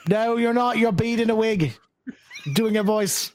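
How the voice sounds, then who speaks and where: Dry-humored male co-host, slightly high voice, deadpan. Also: unhurried. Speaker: podcast co-host. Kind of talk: casual comedic movie commentary.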